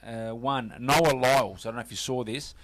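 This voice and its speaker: A man's voice: medium pitch, moderate pace, a bit bright, no room sound. A man with an Australian accent hosting a casual sports radio show, chatty and full of fillers. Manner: chatty, lots of fillers and "mate".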